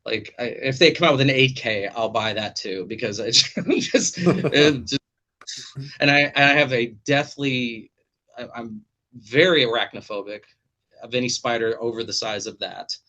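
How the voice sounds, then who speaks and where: A man hosts a relaxed chat over a video call. He tells stories animatedly and swears freely. His voice is bright and forceful, with a middle pitch. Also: normal speed. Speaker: podcast host. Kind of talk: casual chat.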